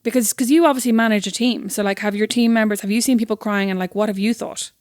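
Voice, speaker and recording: A woman's voice: mid-range voice, steady tone, fast talker, a little mellow, no echo, clean studio sound. A woman co-hosting a podcast in casual chat, full of teasing banter. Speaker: podcast co-host.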